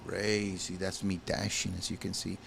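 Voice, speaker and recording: A man's voice: deep voice, little pitch movement, moderate pace, vocal fry, fairly bright tone, slight background noise. A man doing let's play commentary, reading a story game's text aloud and breaking off with exclaimed reactions to his viewers. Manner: talks to viewers as "guys". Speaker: gaming channel host.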